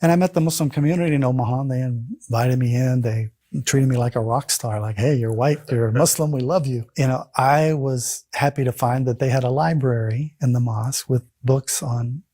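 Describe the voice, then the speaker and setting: A middle-aged man from the United States telling his own story in a casual, animated way, acting out the voices of the people he quotes. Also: medium pitch, a little fast, no room sound, clean studio sound.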